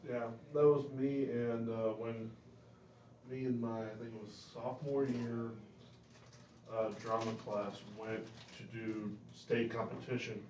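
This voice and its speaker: A man who plays in a tabletop game, relaxed as he tells a story in casual chat. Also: mid-range voice, unhurried, slight background noise. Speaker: player. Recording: dull, echoey room audio from a distance.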